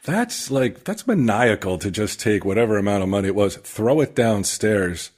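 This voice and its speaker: A man joking around on a casual podcast, laughing easily and making dark quips. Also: lowish voice, expressive, normal speed. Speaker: podcast co-host. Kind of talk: casual chat.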